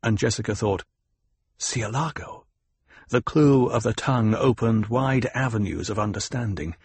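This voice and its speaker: Gravelly male audiobook narrator. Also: fairly low pitch, moderate pace, a little mellow, dry recording. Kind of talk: scripted narration.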